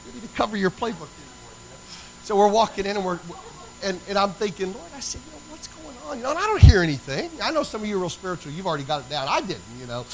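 A man's voice: sits high, very animated, rapid-fire, poor audio. A middle-aged man, telling a story in a sermon and acting out the dialogue. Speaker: preacher.

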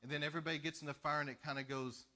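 The preacher's voice sits a little high and races along as he tells animated stories during his sermon, with laughter rising between lines.

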